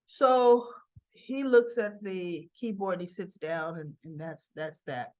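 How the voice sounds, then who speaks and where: A woman casually recapping a soap opera episode for her channel, chatty and animated as she relays the characters' lines with fillers and asides. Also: mid-range voice, slow, dull audio.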